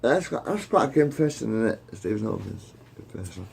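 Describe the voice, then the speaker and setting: Gravelly, rambling man telling a joke. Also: on the low side, sing-song, fast, darkish tone. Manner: rambling, keeps restarting the joke, swears freely. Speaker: joke teller. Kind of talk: casual joke telling among friends.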